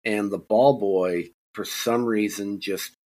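A man chatting casually, telling a story in a relaxed, halting way. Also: on the low side, slight background noise. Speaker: comedian. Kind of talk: casual chat.

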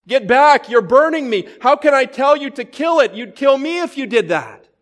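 A man voicing a frightened man who pleads frantically, his voice pushed up high. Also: fairly quick, close to an everyday voice. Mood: frantic.

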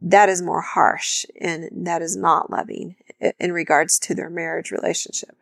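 A woman's voice: lowish voice, level tone, moderate pace, vocal fry, a bit bright, no room sound, studio quality. A woman co-hosting a podcast, thoughtfully giving practical examples of marriage advice. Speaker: podcast co-host. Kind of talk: instructive marriage talk.

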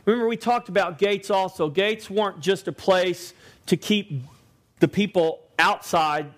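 A man preaching a sermon to a congregation, using an emphatic, repetitive cadence. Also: on the high side. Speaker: pastor.

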